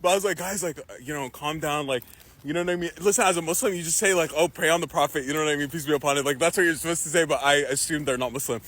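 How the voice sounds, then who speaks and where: A young man telling a stand-up story, acting out the people in it and laughing often. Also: very fast. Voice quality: husky, animated, laughs often. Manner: acts out the people in his story, jumps into high yelps. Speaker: comedian.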